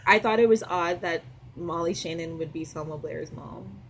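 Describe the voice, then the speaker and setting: A woman co-hosting a podcast in casual chat, low-key with short replies. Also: moderate pace, vocal fry, background noise. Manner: low-key, brief replies, laughs softly. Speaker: podcast co-host.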